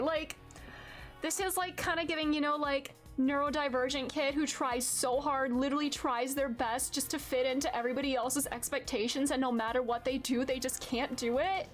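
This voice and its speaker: A woman's voice: high voice, steady tone, normal speed, faint music behind. A woman streamer chatting casually over gameplay, emotional and exclaiming, swearing freely.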